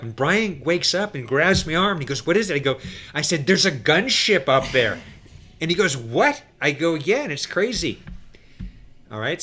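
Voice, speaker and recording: A middle-aged man, a podcast guest, telling an animated, profane story. He acts out every quote and swings from hushed to loud. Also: medium pitch. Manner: profane, excitable.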